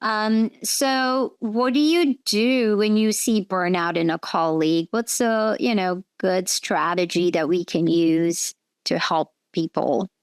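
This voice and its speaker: A woman's voice: mid-range voice, steady tone, slow, clear, resonant tone, dry recording. A woman physician hosting an interview, agreeable and chatty, with lots of "yeah" and "you know". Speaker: host, physician. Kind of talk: conversational interview.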